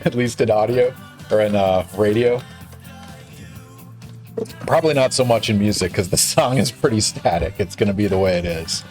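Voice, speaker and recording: A man's voice: lowish voice, moderate pace, long pauses, a little mellow, faint music behind. A man hosting a gaming stream, chatting casually and curiously and reading out viewer questions. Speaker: stream host. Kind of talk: casual interview chat while gaming.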